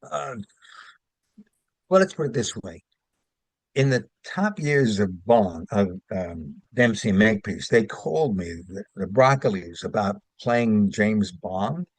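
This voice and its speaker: A man's voice: fairly low pitch, lively intonation, measured pace, no room sound. An older man from Brooklyn, chatting as an interview guest and rambling through anecdotes with fillers and restarts. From Brooklyn, New York. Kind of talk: casual interview chat.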